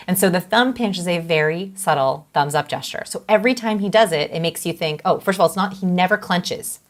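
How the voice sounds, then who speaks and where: A woman's voice: fairly low pitch, a little fast, hardly any pauses. A woman, a behavioral expert, explaining as an interview guest and acting out short examples along the way. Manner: lively, explains with acted-out examples.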